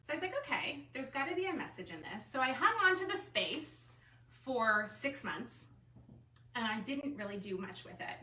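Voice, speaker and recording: A woman who is an artist and designer, telling a personal story to a group in a chatty, animated way with lots of "like". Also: a little high, normal speed. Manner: chatty, animated storytelling full of "like" and self-quotes. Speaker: artist and designer speaking at a gathering. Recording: echoey room, mic far off, faint room noise.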